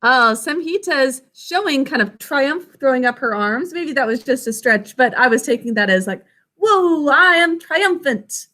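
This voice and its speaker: A woman's voice: sits high, lively intonation, normal speed, few pauses, a bit bright. A woman teaching a spelling and phonics lesson, sounding out words carefully and praising her pupils often.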